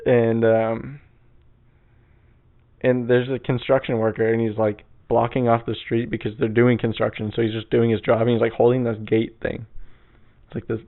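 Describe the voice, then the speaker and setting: Gravelly young man, rambling crude podcast. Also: medium pitch, level tone, normal speed. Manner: rambling, crude, laid-back. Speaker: podcast host. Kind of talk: casual solo podcast storytelling. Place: his bedroom. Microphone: old mic on a stand. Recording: tinny phone-like sound.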